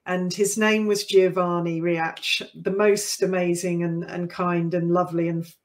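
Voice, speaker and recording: A woman's voice: lowish voice, level tone, unhurried. A middle-aged woman hosting a podcast, chatting in a conversational way with frequent fillers and easy laughter, and closing with a scripted outro. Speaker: podcast host.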